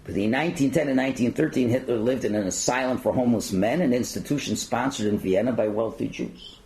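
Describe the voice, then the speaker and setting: A man's voice: medium pitch, fast talker, creaky, darkish tone, slight background noise, rough recording. A man lecturing at a synagogue learning centre, reading passages aloud and then commenting in his own words with fillers. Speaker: rabbi lecturer.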